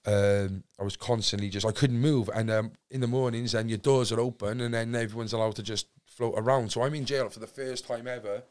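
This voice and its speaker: A young man with a Cardiff accent, a podcast guest telling a story in a casual, animated way and acting out what people said. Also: medium pitch, brisk, few pauses, clear, resonant tone. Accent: Welsh, Cardiff. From Wales. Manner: animated, acts out quotes, swears freely.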